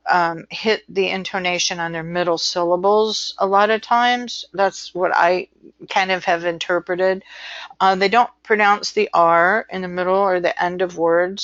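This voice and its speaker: An American woman lectures in a relaxed, rambling way, peppering her talk with ums and "you know." Her pace is unhurried and deliberate. The recording is dry and a little muffled. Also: fairly low pitch, dry recording. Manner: chatty, filler-heavy, slow and deliberate. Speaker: instructor.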